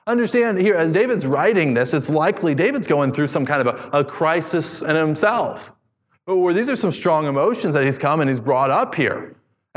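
A man preaching a sermon, animated, reading scripture aloud and acting out voices. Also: fairly high pitch, normal speed. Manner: animated preaching, acts out David's voice. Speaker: pastor. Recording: long hall reverb.

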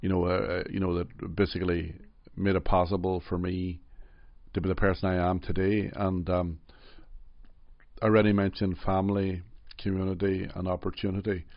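Middle-aged Derry man, low gravelly voice, calm reflective storyteller, dry muffled sound. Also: moderate pace, no room sound. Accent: Derry, Northern Irish. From Northern Ireland. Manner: gentle, reflective, frequent "you know". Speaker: interview guest. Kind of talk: personal storytelling in an interview.

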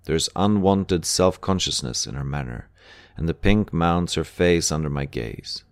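Deep-voiced male audiobook narrator. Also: animated, unhurried, no echo, clean studio sound. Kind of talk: scripted narration.

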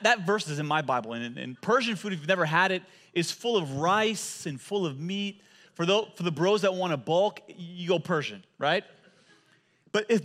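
A male pastor preaching a sermon, telling animated stories and often repeating words as he goes. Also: high voice.

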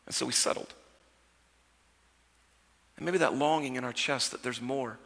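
A man preaching a sermon as pastor, talking conversationally and moving between lively storytelling and quiet, personal asides. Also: mid-range voice, moderate pace, creaky. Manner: conversational preaching, swinging from loud storytelling to hushed intimacy. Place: church sanctuary. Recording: church sanctuary with long reverb.

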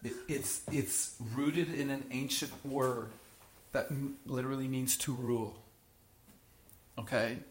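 An earnest man leads a small-group Bible lesson in a voice of middling pitch. He stresses his key words, breaks off and restarts phrases, and keeps checking with his listeners. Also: a bit bright, echoey room, slight background noise. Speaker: Bible teacher.

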